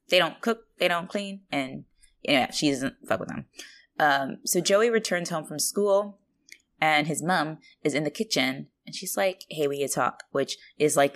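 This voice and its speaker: A woman co-hosting a podcast, chatting casually and telling stories in an animated, swearing way. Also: deep voice, gravelly. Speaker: podcast co-host. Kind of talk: casual rewatch podcast chat.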